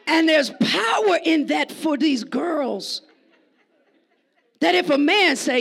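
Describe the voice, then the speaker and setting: A woman preaches a sermon in a high voice with a gravelly edge. She talks to the congregation like a friend, then rises into emphatic shouts. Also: animated, slow pace, long pauses, some chatter behind.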